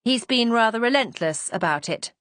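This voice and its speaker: Frank, defiant young woman, voiced by a woman narrator, pitched up, dry close read. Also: animated, normal speed, a bit bright, dry recording. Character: defiant, self-assured young woman caught stealing.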